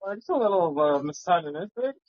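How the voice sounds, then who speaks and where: Giggly podcast co-host, mid pitch. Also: expressive, a little fast, darkish tone. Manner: laughs often, talks things through. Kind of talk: casual book club chat. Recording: dull lo-fi home podcast audio.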